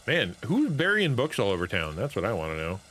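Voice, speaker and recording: Lively, bright-voiced male game streamer. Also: fairly low pitch, brisk, a little hiss or hum. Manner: playful, jokey, talks to chat. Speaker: streamer and pastor. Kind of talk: live gameplay commentary.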